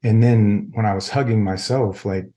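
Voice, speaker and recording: A man's voice: fairly low pitch, steady tone, normal speed, mellow. A middle-aged man, a military veteran, telling a personal story as a podcast guest in a rambling, casual way full of filler words.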